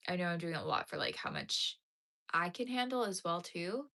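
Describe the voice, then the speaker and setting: A woman's voice: on the low side, lively intonation, moderate pace, pushed and bright. A tired woman chatting casually with her live-stream viewers from home. She rambles with many fillers and keeps yawning. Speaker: crochet streamer. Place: home, talking to a live chat.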